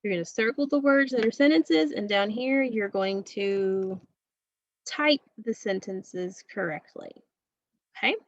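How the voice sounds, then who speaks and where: A woman teacher walks young students through a recorded lesson, steady and patient, checking in with an okay every few sentences. Her voice is dry and close, with no room around it. The sound is slightly dull and muffled. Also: medium pitch, measured pace, no room sound. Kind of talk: recorded remote class lesson.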